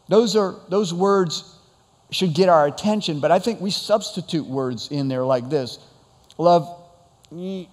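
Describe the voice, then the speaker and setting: A man's voice: high voice, measured pace, darkish tone. Preaching man in an echoing church hall. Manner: conversational preaching with rhetorical questions. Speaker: pastor. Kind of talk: sermon.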